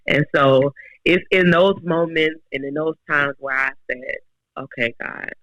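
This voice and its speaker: Bright, earnest woman in her forties. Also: low voice, unhurried, no room sound, low-quality recording. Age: 40s. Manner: earnest, emotional storytelling with many restarts. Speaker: podcast guest. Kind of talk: casual faith talk.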